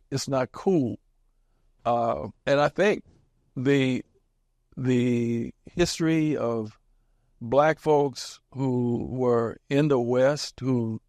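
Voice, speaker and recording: An older man in his seventies, from a small Kansas town, speaks in a reflective interview, telling his story with emphasis and a wry edge. His voice sits at a middle pitch for a man. The sound is dry and close, with no room echo. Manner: emphatic, wry, chuckles at his own stories. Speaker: interviewee, community activist.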